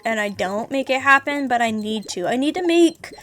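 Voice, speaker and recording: A woman streamer talks casually to her chat, candid and rambling. She swears freely and her voice sits a little high, with faint music playing behind. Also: expressive, moderate pace, a bit bright. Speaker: VTuber streamer.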